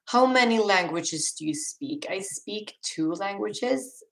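A woman's voice: mid-range voice, expressive, slow, creaky, fairly bright tone, low-quality recording. A young woman with a Swedish accent, casually reading chat questions aloud on a live stream and answering them with restarts and laughs. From Sweden.

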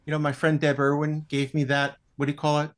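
A man's voice: a little high, fast. American man, chatty voiceover coach. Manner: lively, explanatory storyteller. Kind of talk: podcast interview.

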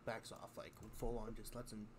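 A man with a low voice plays a tabletop game, talking casually and pausing on fillers. Clear background noise sits under his voice in the chat recording. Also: completely flat delivery. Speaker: player.

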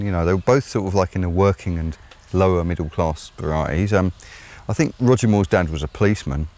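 A deep-voiced man with an English accent talks on his own channel, musing aloud at length. He hesitates often with ums and uhs, then drops blunt, sardonic remarks. His delivery stays low and grounded throughout. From England. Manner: rambling, hesitant, many fillers. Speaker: vlogger host. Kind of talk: opinionated solo commentary.

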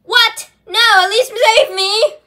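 Woman voicing a high, whiny puppy toy. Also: steady tone, takes it slowly, heavily acted. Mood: pleading. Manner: high, pleading and shouty.

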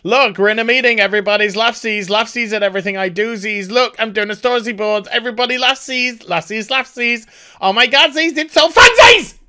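A man's voice: very high-pitched, fairly quick, sharp tone, pitched above the performer's own voice, full character voice. A man putting on the voice of a smug, self-adoring male cartoon producer who gushes in baby-talk words. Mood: smug gushing.

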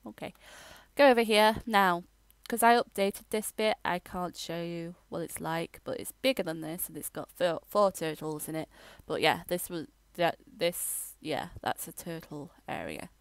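A woman rambling through a casual game voiceover, halting and restarting as she tours her builds. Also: fairly low pitch, smooth, no echo. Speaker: gamer giving a tour.

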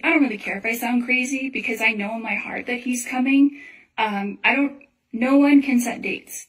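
Here the same young Christian testimony speaker has a fairly high, slightly bright voice, recorded a little distant from the microphone. She earnestly relates a religious dream she had, in a loose, rambling way packed with fillers.

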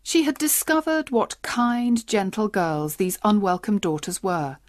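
Steady woman storybook narrator. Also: mid-range voice, unhurried, no echo, clean studio sound. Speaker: audiobook narrator. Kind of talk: graded-reader narration for learners.

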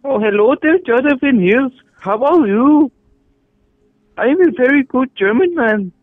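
A man doing a goofy prank caller who calls himself German, with a high, sing-song voice that leaps all over the place. He hams it up, flipping from one fake accent to another. The sound is thin and tinny, like a dry phone line. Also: big pitch swings, normal speed, no echo, exaggerated voice. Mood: cheery. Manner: hammy, flips between fake accents.

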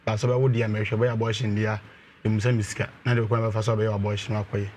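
A man calling in to tell a personal problem, speaking in a slow, halting way. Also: lowish voice, flat delivery, darkish tone, slight background noise. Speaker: caller.

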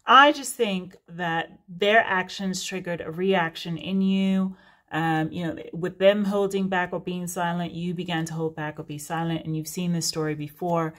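A woman's voice: lowish voice, steady tone, normal speed, fairly bright tone. Chatty woman giving a tarot reading. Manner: chatty, frank, with many fillers and asides. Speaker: tarot reader. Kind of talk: casual tarot reading to camera.

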